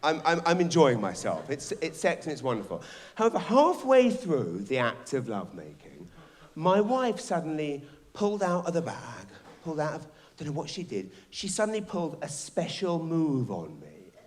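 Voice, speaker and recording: A middle-aged man performing a rambling, animated stand-up comedy set on a theatre stage. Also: fairly high pitch, moderate pace. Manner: animated, shouting bits, rambling restarts. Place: theatre stage before a live audience.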